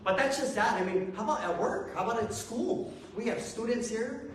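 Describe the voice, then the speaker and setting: Male preacher, high register, loose and self-mocking, heard far off in a very echoey hall. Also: a little fast, slight background noise. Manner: casual, self-deprecating, chuckling asides. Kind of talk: conversational sermon. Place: church hall with a congregation.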